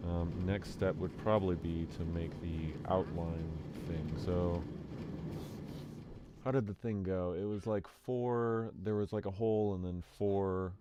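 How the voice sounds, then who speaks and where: A man's voice: sits low, steady tone, measured pace, noisy background. A young man streaming a let's-play, talking casually and rambling to a friend on a call. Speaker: gaming streamer. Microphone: desk microphone.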